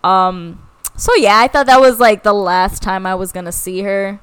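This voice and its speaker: This is a young woman co-hosting a casual podcast, swearing freely as she tells a story. She acts out everyone's lines. Her voice is smooth and clear. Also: mid-range voice, normal speed. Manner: profane, animated, acts out quoted voices. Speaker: podcast co-host.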